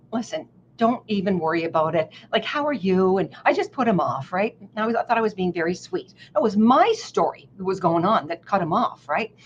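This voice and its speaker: A woman telling stories as a guest in casual talk, animated and self-mocking, acting out voices from her stories. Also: mid-range voice. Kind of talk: casual storytelling. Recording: dull lo-fi audio with faint noise.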